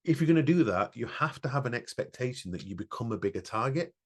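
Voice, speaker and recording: Speaking fast in a husky, expressive medium-pitched voice, this male podcast co-host recounts something personal in an earnest, reflective way. It's emotional casual conversation, full of restarts.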